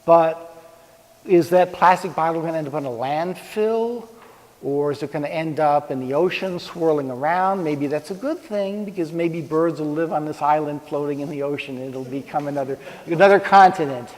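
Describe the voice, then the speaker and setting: A man's voice: fairly high pitch, normal speed, darkish tone. A man giving an informal, conversational talk on ethics to a live audience, with props and pointing. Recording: long reverb of a hall.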